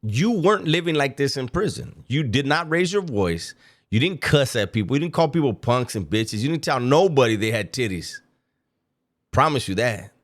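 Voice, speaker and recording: A man with a mid-range voice talks over a clip in a loose, conversational way, his pitch swinging widely as he mocks what he hears. He is dry and sarcastic, spinning anecdotes between jabs. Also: big pitch swings, moderate pace. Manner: sarcastic, mocking storyteller. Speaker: reaction commentator. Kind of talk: reaction commentary.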